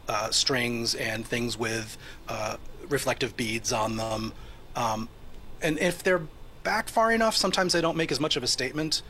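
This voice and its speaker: A man guesting on a casual panel chat, thinking aloud and leaning on fillers. His tone is bright and crisp, and a faint hum of background noise sits under it. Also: mid-range voice.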